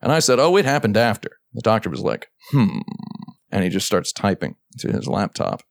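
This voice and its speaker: Lowish guy voice, super lively pitch, tells a goofy story and does all the voices, dry close mic. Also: brisk, creaky, no room sound. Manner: acts out both sides of a story, jumping into a high voice for others' lines. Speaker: podcast host. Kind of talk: casual chat, telling a long comic anecdote.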